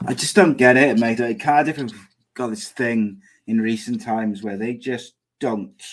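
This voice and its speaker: A man's voice: mid-range voice, steady tone, a little slow. A young man hosting a comedic podcast in a rambling, chatty, plain-spoken way. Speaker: podcast host. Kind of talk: casual comedic chat.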